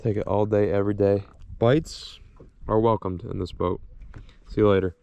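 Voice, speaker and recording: Gravelly, excitable man fishing outdoors. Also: on the low side, moderate pace, dull audio, a little hiss or hum. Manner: excitable, rambling, bursts of exclamations. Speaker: fishing vlogger. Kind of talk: casual vlog narration. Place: outdoors on a boat on a lake.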